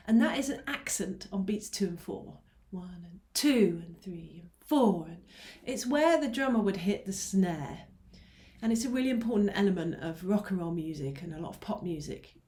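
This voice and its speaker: A woman's voice: medium pitch, a little mellow. A woman teaching an online ukulele lesson, patiently explaining rhythms and counting beats aloud. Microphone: mic close by, teacher moves nearer. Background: ukulele strumming.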